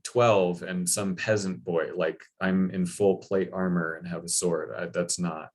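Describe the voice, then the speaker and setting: A man voicing a scornful armored knight who mocks his challenger flatly. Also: deep voice, a little slow.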